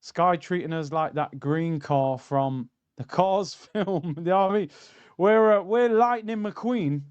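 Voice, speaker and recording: A man's voice: high-pitched, takes it slowly, darkish tone, clear, resonant tone, dry recording, muffled recording. A young man, hosting a casual football watchalong stream, bantering and reading out chat messages.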